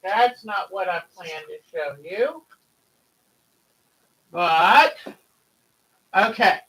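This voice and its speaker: A woman's voice: fairly low pitch, animated, extremely slow, a bit bright, slightly rough, poor audio. A woman hosting a quilting livestream, chatting casually and greeting viewers by name as she rambles along.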